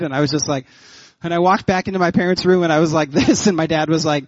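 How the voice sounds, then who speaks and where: Man, pastor preaching, animated storyteller, dry close sound, slightly dull lo-fi. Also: fairly high pitch, fast talker, hardly any pauses, no echo. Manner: animated storytelling, laughs often. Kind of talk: sermon.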